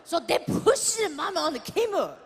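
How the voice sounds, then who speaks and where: A woman doing a shrill impression of a melodramatic older mother who wails her complaints in broken English. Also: big pitch swings, moderate pace. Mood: bewildered. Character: fussy older immigrant mother, melodramatic, self-pitying. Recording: live hall with audience noise.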